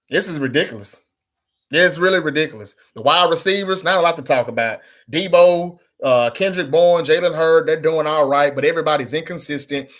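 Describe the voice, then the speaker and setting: A man's voice: on the high side, a bit bright. A man hosting a sports fan channel, ranting bluntly and with frustration to camera, swearing and repeating himself. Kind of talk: casual fan rant to camera.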